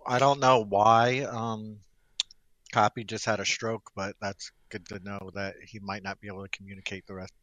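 Man, lowish voice, dead-dry mic, teasing and questioning. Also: little pitch movement, moderate pace, fairly bright tone, dry recording, muffled recording. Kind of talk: casual online group chat.

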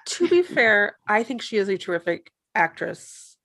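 A woman co-hosting a casual movie discussion, giving measured, thoughtful critique. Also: medium pitch, big pitch swings, a bit bright, no echo. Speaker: podcast co-host.

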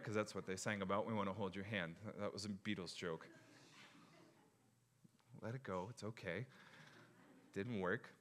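A young man preaching a sermon in an animated, joking way, acting out the crowd's reactions. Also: on the low side. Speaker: pastor.

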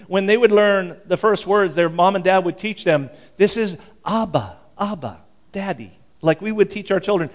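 A male pastor giving a sermon in a church, talking in an animated, conversational way, fervent and full of restarts. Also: high-pitched.

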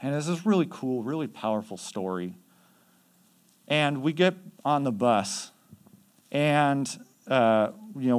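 A man at an everyday middle pitch tells stories from his mission trips as a youth leader. He talks loosely and casually, scattering fillers as he goes. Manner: conversational, chatty with many fillers. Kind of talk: casual storytelling.

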